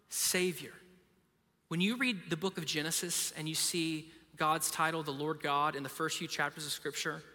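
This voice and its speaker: Man, 30s, pastor, bright sharp tone, relaxed storytelling sermon. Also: on the high side. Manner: conversational storytelling with self-deprecating humor. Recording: reverberant hall.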